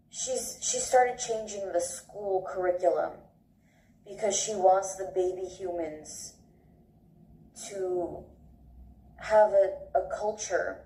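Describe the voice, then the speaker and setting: A woman speaking in a halting, ranting way. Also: medium pitch, dark tone. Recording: roomy echo, distant from the mic.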